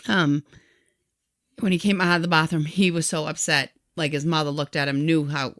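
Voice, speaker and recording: A woman's voice: deep voice, steady tone, normal speed, fairly bright tone, no echo, clean studio sound. A woman co-hosting a podcast, retelling someone else's story in casual chat and quoting the people in it. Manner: retells a story animatedly, quoting people in their own words. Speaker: podcast co-host.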